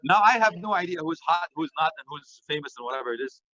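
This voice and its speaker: A middle-aged man giving a lively sermon, joking and dropping in phrases. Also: fairly high pitch, quick pace, muffled recording. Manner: animated, joking, mixes Arabic phrases. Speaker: Islamic preacher.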